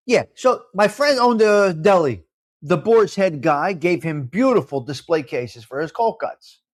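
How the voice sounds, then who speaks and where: A New York-accented man hosts a casual live chat, blunt and full of opinions. He talks in an animated way, repeats himself for emphasis, and slips Italian phrases into his talk. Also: high-pitched, a little slow. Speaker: live show host.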